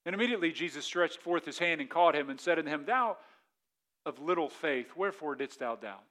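A male pastor preaching a sermon, telling the story with lively acted-out panic and dropping to quiet, reflective asides. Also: fairly high pitch, fast talker. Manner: animated storytelling, acts out the disciples' panic in a raised voice; drops to a quiet, soft delivery for reflective points.

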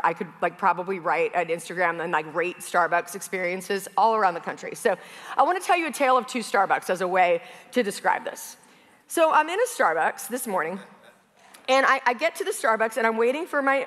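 A woman's voice: fairly high pitch, fairly bright tone. Chatty woman preacher in a reverberant hall. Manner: chatty storytelling with casual fillers. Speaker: pastor. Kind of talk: conversational sermon.

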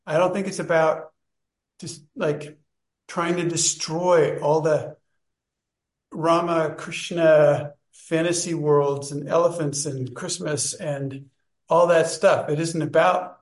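A man's voice: fairly high pitch, fairly even intonation, slow, roomy sound. A man in a study group, casually telling a personal story and rambling as he searches for words.

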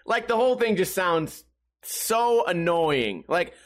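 A man's voice: high voice, lively intonation, takes it slowly. A young man hosting casual commentary, rambling and joking as he reads a news article aloud. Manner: rambling, joking, often laughing. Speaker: host.

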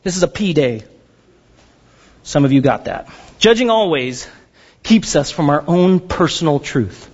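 A male pastor preaching with a high, very lively voice that jumps all over the place. He jokes with the congregation and acts out little quoted voices. The recording sounds dull and lo-fi. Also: unhurried, long pauses, slightly rough, big-room sound. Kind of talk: sermon.

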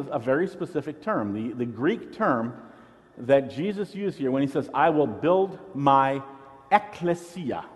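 A man's voice: fairly high pitch, darkish tone, long reverb tail. A man pastor preaching a sermon, teaching in an earnest way and often repeating a word as he restarts.

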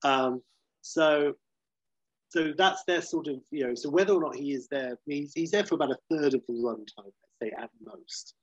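A man on a podcast pitching a film idea in casual comedic chat. He tells the story animatedly, with lots of fillers, and acts out the scenes as he goes. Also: normal speed, dry recording. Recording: dry, slightly dull lo-fi sound.

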